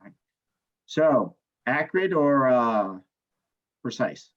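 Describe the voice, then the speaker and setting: A male chemistry instructor telling a personal story in a classroom lecture, animated, often asking "right?" and swearing now and then. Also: mid-range voice, slow pace, muffled recording.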